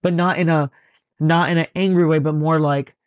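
A young man hosting a casual podcast chat, talking fast and jokily. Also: on the high side, no echo. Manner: fast-talking, animated, jokey. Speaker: podcast host.

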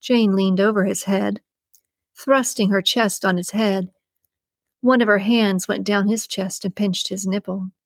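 A woman reading a novel aloud in steady, even scripted narration, close to the mic. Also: medium pitch, a little slow, no room sound. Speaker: audiobook narrator.

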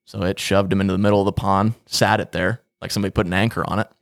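Low-voiced man telling a profane story. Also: flat delivery, creaky, no room sound, clean studio sound. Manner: profane, drawn-out comic storytelling. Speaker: podcast co-host. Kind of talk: casual storytelling chat.

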